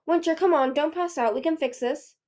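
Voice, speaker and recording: A woman's voice: sits high, brisk, darkish tone, pitched above the performer's own voice, natural voice. A woman voicing a young male dragon who talks in a frantic, urgent way, in a read-aloud storybook.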